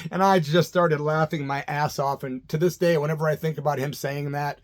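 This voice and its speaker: A middle-aged man from Illinois spins a story from his past, easygoing and chatty. His voice sits a little on the high side, and he chuckles often and slips into other people's voices when he quotes them. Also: steady tone, fairly quick. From Illinois, USA. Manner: laid-back, laughs often, acts out voices in quotes. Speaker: vlogger telling a personal story. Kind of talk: casual storytelling monologue.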